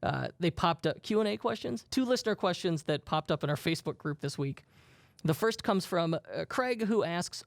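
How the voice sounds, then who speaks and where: A man's voice: sits high, lively intonation, moderate pace, gravelly, no room sound. A man co-hosting a podcast, telling stories in a jokey, self-deprecating way. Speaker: podcast co-host. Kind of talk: casual podcast chat.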